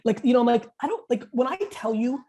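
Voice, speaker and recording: A man in his forties, a podcast guest, telling stories in blunt, profane, rapid-fire talk. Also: extremely high pitch, warm tone. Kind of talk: casual podcast interview.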